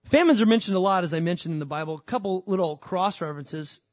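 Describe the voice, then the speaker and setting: Middle-aged male preacher, high voice, lively and conversational, dry recording. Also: fast, dry recording. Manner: animated, acts out voices of God and his kids. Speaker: pastor. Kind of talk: sermon.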